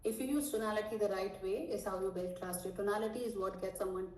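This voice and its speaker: A woman teaching a live online sales training, high-energy and animated, checking in with her audience often. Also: fast talker. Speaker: sales coach. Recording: echoey room, mic at a distance.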